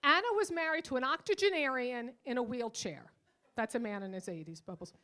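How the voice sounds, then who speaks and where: An older woman doing a bawdy stand-up comedy set, brash and teasing, swinging between loud outbursts and quiet asides. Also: a little high, animated, a little fast. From Irish. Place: comedy club stage.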